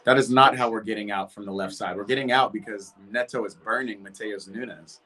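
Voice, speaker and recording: A man hosting a live football watch-along from home, reacting loudly to the match and chatting with viewers. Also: fairly low pitch, a little fast. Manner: excitable, shouts at big chances, chatty with chat. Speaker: watch-party streamer.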